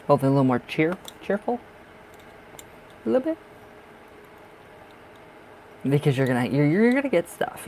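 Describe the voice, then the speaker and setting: A man's voice: medium pitch, a little mellow, slight background noise, poor audio. Man tarot reader on a live stream, from the northern US, chatty and giggly, mid-range voice. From northern United States. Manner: chatty, laughs often, repeats himself.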